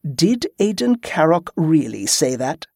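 A man voicing a cold, menacing swordsman who speaks slowly, cool and smooth. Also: a little high, sing-song, darkish tone, no echo, studio quality, heavily acted. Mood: icy calm.

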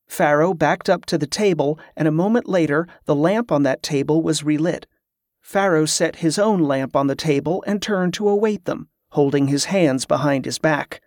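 A man reading a fantasy story aloud as scripted narration, in a steady, even storytelling manner. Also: a little high, normal speed, no room sound, clean studio sound.

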